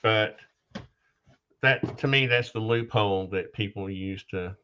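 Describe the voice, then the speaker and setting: A man hosting a casual podcast conversation, talking haltingly with restarts, losing his train of thought and coughing now and then. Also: lowish voice, pushed and bright, slight background noise. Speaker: podcast host. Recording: dull lo-fi sound.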